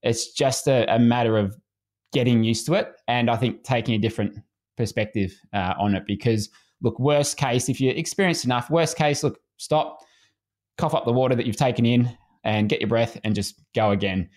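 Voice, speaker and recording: A man's voice: mid-range voice, fairly quick. A man, a swimming coach speaking as a podcast guest in an easygoing, casual way. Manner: relaxed, easygoing, frequent restarts.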